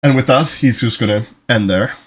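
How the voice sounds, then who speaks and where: A man narrates a tabletop game as its game master over an online call. He talks casually, swears freely and often stops and restarts his sentences. His voice sits at an ordinary middle pitch. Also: a little fast, slightly rough. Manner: casual, swearing, self-interrupting.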